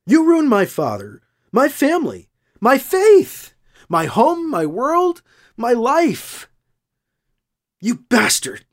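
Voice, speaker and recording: A narrator voicing an unhinged, bitter woman who accuses a man in a quavering, shrill voice. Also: big pitch swings, normal speed. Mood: accusing.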